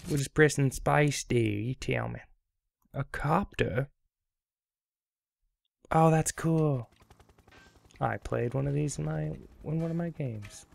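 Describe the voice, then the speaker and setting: Taking it slowly with long pauses, this young let's play commentator has a creaky mid-range voice. His casual gameplay commentary is goofy and meandering, occasionally breaking into snippets of song.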